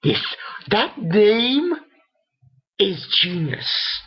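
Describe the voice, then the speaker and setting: A man giving a casual, rambling spoken manga review, excitable and full of fillers. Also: sits high, drawn-out words, breathy edge. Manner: rambling, excitable, lots of fillers and quoted character lines. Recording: dull lo-fi recording.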